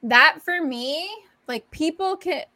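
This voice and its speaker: A young woman co-hosts a laid-back podcast, talking in a loose, profane, emphatic way. Her voice is bright and sits a little high. The sound is dry and close. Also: takes it slowly, no echo. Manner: casual, profane, emphatic storytelling. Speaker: podcast co-host. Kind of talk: casual chat.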